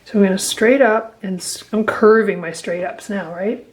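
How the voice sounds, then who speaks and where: A woman's voice: mid-range voice, fairly even intonation, normal speed. Playful woman art teacher. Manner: playful, encouraging, talks to kids while drawing; laughs often, acts out growls. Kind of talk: drawing lesson narration.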